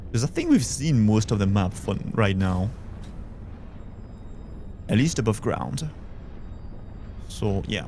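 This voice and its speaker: A man's voice: medium pitch, darkish tone, a little hiss or hum. A young man with a Belgian French accent, chatting casually as he streams a game and answers his chat. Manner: chatty, thinks aloud, reads chat. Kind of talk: casual gameplay commentary.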